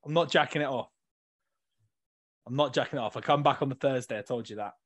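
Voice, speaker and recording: A man's voice: medium pitch, quick pace, a bit bright, no room sound. A man hosting a casual podcast banter session over a video call, rambling and laughing often. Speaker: podcast host.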